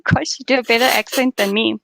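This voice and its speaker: A woman's voice: a little high, steady tone, fairly quick, vocal fry, a bit bright, no room sound. A woman from South Africa hosting a livestream chat, teasing her guest in a chatty way. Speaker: livestream host.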